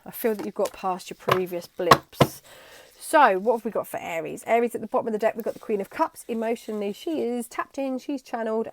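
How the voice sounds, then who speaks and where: A young adult woman with a fairly high voice chats casually to the camera while giving a tarot reading, with no room sound in the recording. Bubbly in manner, she occasionally slips into playful voices.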